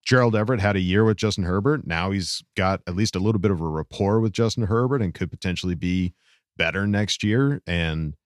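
A man's voice: low voice, fairly quick, no room sound, clean studio sound. A man co-hosting a sports podcast in loose casual chat, full of likes and you-knows. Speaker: podcast co-host.

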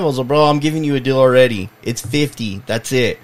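Brief: man, podcast co-host, lively storyteller, mid pitch, salty language. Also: a little fast. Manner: animated storyteller, acts out customers, swears freely. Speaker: podcast co-host, collectibles seller. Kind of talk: casual chat.

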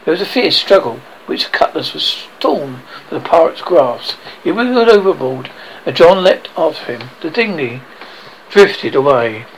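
A man's voice: on the high side, lively intonation, normal speed, slight background noise, poor audio. A man reading a children's novel aloud, often tripping over words and correcting himself. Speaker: reader.

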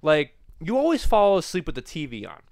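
A man's voice: a little high, huge pitch swings, a little fast, vocal fry, darkish tone, dry recording. A young man teasing his grandmother in casual chat, exasperated and swearing freely.

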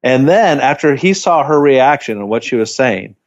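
Halting male co-host, slightly muffled sound. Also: mid-range voice, expressive. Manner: halting, with many restarts and fillers like "like". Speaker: podcast co-host. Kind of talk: casual chat recapping a TV show.

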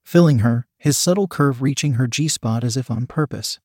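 A man narrating a scripted erotic story in a steady, measured reading. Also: medium pitch, no echo, studio quality.

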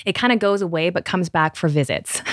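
A woman co-hosting a podcast in casual chat, agreeable and quick to affirm and laugh along. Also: fairly low pitch, animated, no echo, clean studio sound. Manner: warm and agreeable, frequent affirming murmurs and laughs. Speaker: podcast co-host.

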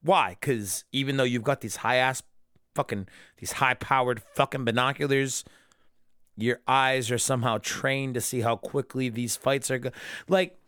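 A man's voice: mid-range voice, steady tone, normal speed, fairly bright tone, clean tone, no echo, clean studio sound. A drunk man ranting alone about an episode he disliked, angry and full of swearing. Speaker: anime reviewer. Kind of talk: solo episode review rant.

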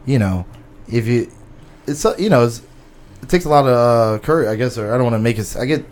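A man's voice: mid-range voice, lively intonation, fast talker, a little mellow. A man hosting a podcast in casual chat, rambling and swearing, with many fillers. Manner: rambling, swears often, many "you know"s. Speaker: podcast host.

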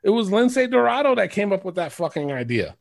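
A man's voice: high-pitched, very animated, brisk, vocal fry. A man co-hosting a podcast in casual chat, rambling and swearing freely, often laughing. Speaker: podcast co-host.

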